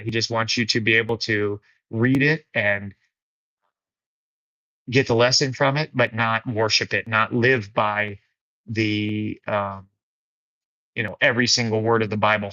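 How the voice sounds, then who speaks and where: The host of a faith fellowship livestream, a man with a lowish, bright, forceful voice, gives a laid-back but earnest spiritual talk and reads viewer comments, often saying "man" and "dude." The sound is dry, a little dull and has no room sound.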